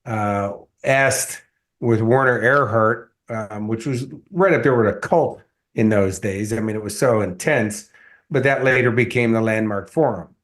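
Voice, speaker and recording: A middle-aged man, a motivational coach, telling stories in a relaxed interview and acting out the voices of people he quotes. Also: on the low side, measured pace. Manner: animated storyteller acting out quotes. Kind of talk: conversational storytelling interview.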